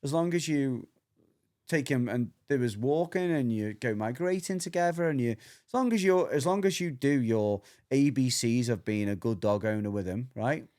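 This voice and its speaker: A man co-hosting a casual podcast chat, explaining dog behaviour as an animated storyteller who acts out voices and swears freely. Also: medium pitch, normal speed.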